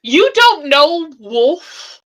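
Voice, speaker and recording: Woman game master, fairly high, bright tone, slow, relaxed delivery over a voice call. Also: rough recording. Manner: unhurried, with laughs and thinking-aloud fillers. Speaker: dungeon master. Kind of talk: running a tabletop one-shot. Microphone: online voice call.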